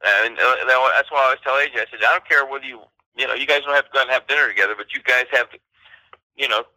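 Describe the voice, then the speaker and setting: A man co-hosting a casual podcast chat, telling anecdotes in a lively way with quoted voices. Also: mid-range voice, fast talker, dry recording, poor audio. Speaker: co-host.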